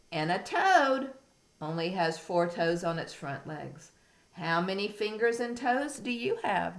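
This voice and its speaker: A woman's voice: medium pitch, a bit bright, roomy sound. A woman, a kindergarten teacher leading a reading lesson and talking patiently in a sing-song way to small children.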